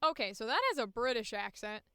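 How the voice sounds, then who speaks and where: A woman's voice: fairly high pitch, fairly quick, a bit bright, clean tone, no room sound, clean studio sound. A woman voice actor chatting casually on her livestream, thinking aloud and laughing at herself. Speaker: voice actor streamer.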